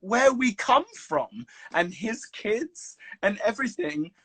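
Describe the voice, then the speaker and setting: Animated man telling stories. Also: extremely high pitch, slow pace, husky, no echo. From England. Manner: animated, swears freely, laughs while telling stories. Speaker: actor guest. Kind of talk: casual chat. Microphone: video call.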